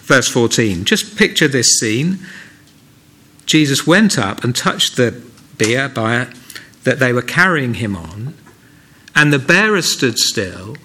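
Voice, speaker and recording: A man's voice: mid-range voice, sing-song, takes it slowly, long pauses, sharp tone. A man preaching a sermon in a church, earnest and conversational, often asking the listeners rhetorical questions.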